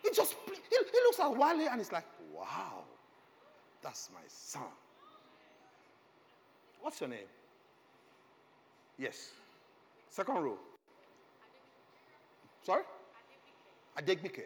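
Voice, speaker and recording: Middle-aged man, passionate preacher, bright and animated, echoing hall. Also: extremely high pitch, slow pace, pauses often. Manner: passionate, swings from soft to loud exclamations. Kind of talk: sermon. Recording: long hall reverb, faint ambience.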